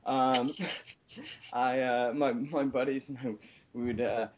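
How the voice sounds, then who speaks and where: Man, casual podcast chat, slightly breathy tone, dull lo-fi call audio. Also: medium pitch, fairly even intonation, slow. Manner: laughs often, rambles with restarts. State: exercising on an elliptical.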